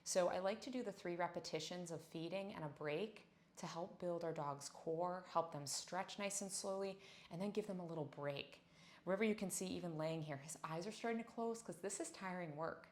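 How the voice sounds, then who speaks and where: A woman teaching a dog yoga class, speaking gently and encouragingly, with frequent praise for her dog. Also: lowish voice, normal speed. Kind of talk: instructional class talk. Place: indoors on a yoga mat.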